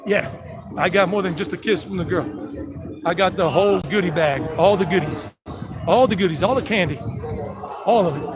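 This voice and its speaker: A man in his fifties from South Carolina, USA, vlogs a casual walking tour outdoors on a city street, telling brash, rambling stories. His voice sits high at a moderate pace with frequent pauses. The rough recording carries music and street noise in the background.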